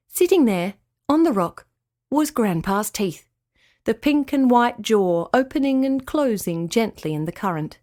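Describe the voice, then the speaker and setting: A woman narrating a children's storybook in a gentle, expressive read-aloud manner. Her voice sits a little higher than most women's.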